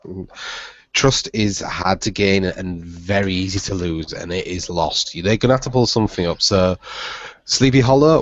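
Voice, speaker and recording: A man's voice: deep voice, moderate pace, dry recording. A man co-hosting a podcast in casual chat, sarcastic and emphatic, laughing often. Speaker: podcast co-host. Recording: muffled dry podcast audio.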